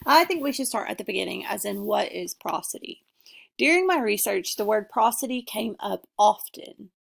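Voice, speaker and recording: A young woman giving a class presentation, reading her points in an earnest, measured way. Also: medium pitch, lively intonation, vocal fry. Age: young adult. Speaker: student presenter. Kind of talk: class presentation, read from notes.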